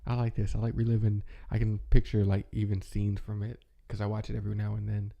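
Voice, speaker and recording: A man in his thirties hosting a relaxed monologue, rambling with lots of fillers as he reminisces nostalgically. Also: on the low side, quick pace, creaky, muffled recording. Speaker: channel host.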